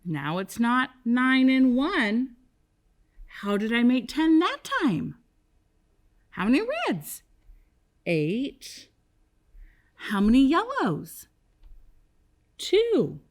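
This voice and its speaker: Casting: woman kindergarten teacher, very animated pitch, slow deliberate pacing, sing-song repeat-after-me delivery. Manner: slow, sing-song call-and-response with young children. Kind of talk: televised classroom lesson.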